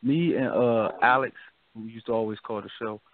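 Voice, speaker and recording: A man's voice: medium pitch, steady tone, moderate pace. A man hosting a radio talk show, chatting loosely and often asking "you feel me?". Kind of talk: casual discussion. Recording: dry, phone-like narrow sound.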